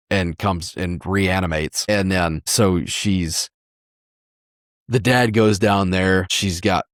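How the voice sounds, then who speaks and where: A man's voice: deep voice, no echo, studio quality. A man in his thirties, a podcast co-host, telling a rambling story in casual chat.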